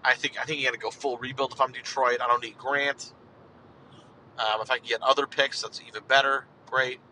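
Rambling man with a bright voice. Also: medium pitch, level tone, fairly quick, a little hiss or hum, poor audio. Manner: rambling, digressive, rhetorical questions. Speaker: podcast host. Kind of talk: casual solo sports podcast monologue.

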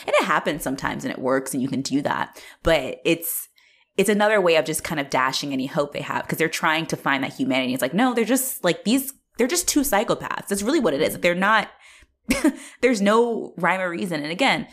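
A woman in casual conversation about a film, chatty and animated, with many filler words. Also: sits low, a little fast.

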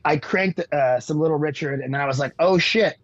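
A man's voice: a little high, fast talker, dry recording, highs cut off. A man, a musician guest on a podcast, telling rambling stories with lots of fillers and casual swearing.

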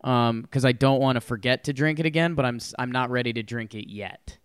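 An easygoing man chats about sports, stumbling over his words and tossing in short agreements. His voice is smooth and clear, recorded dry and close. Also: medium pitch, fairly quick, dry recording. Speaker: podcast co-host. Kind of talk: casual sports talk.

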